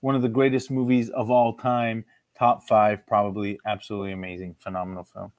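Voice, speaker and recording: A man's voice: lowish voice, little pitch movement, fairly quick, dry recording. A man co-hosting a casual film podcast, talking in a brash, playfully provocative way with plenty of swearing. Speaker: podcast co-host. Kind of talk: casual chat.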